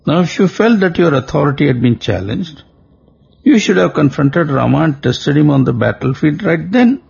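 A man reading the lines of a defiant, virtuous captive princess in a slow, stern and measured way, heard on a dull lo-fi recording. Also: on the high side, lively intonation, gravelly, a little mellow, slightly rough, exaggerated voice.

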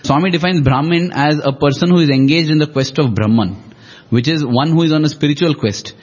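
Male co-host, husky, higher register, reflective storyteller, lo-fi audio. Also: fairly quick. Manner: reflective, retells dialogue with emphasis. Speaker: podcast co-host. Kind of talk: storytelling discussion of scripture. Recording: dull lo-fi audio.

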